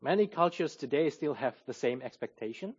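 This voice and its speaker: A man preaching a sermon, explaining a Bible passage in a measured, teaching manner. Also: mid-range voice, breathy edge, muffled recording. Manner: measured, explanatory, lively intonation.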